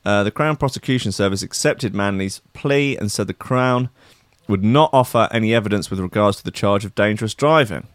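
A man's voice: fairly low pitch, brisk, hardly any pauses, no echo. A man co-hosting a casual comedy chat, reading news stories aloud and breaking off into joking asides.

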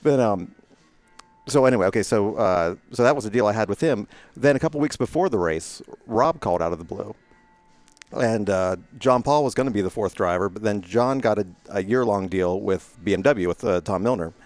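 A middle-aged man with a lowish voice tells stories as an interview guest. He rambles in a relaxed way, full of fillers and restarts, and laughs easily at himself. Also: a little fast, no echo, soft background music. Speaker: guest, retired racing driver. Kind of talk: casual storytelling interview.

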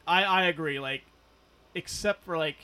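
A man's voice: on the high side, moderate pace, pushed and bright. A man hosting a podcast in casual chat, rambling with lots of "like" and some swearing. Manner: loose, rambling, full of "like" and swearing. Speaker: podcast host.

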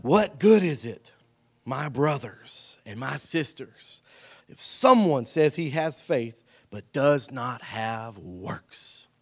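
A man preaching a sermon in a church, dropping to a hushed, intimate voice and then rising to shouted emphasis, often calling out to the congregation for a response. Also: medium pitch, lively intonation, takes it slowly. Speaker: pastor. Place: church sanctuary.

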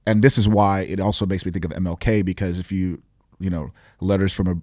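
A man's voice: low-pitched, level tone, quick pace, warm tone, no room sound, studio quality. A man who is a pastor, co-hosting a casual Bible discussion and reflecting thoughtfully in abstract terms. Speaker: pastor, podcast co-host.

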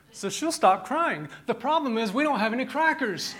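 A man in his thirties preaching a sermon, animated, rising to emphatic peaks and mixing in humorous stories about his family. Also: high-pitched, normal speed, few pauses. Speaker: pastor.

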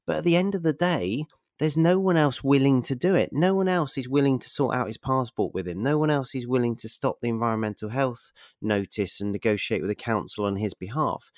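A man's voice: medium pitch, dry recording, studio quality. A man hosting a casual interview, enthusiastic and effusive, repeating his praise. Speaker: podcast host.

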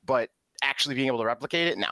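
A man's voice: mid-range voice, lively intonation, very fast, sharp tone, no room sound. A man co-hosting a casual tabletop gaming podcast, laughing a lot and often restarting his sentences. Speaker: podcast co-host. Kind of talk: casual chat about tabletop games.

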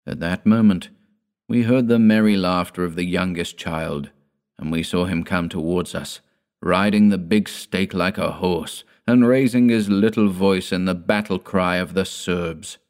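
A man narrating a gothic tale in the first person, in a measured, dramatic storytelling manner. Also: low-pitched, a little mellow, smooth. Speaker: audiobook narrator.

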